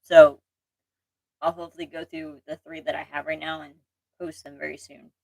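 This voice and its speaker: A woman's voice: low-pitched, flat delivery, normal speed, gravelly, darkish tone, no echo, rough recording. A young woman hosting a casual livestream chat, rambling and self-deprecating, with restarts, laughs and an occasional allergy cough. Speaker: channel host.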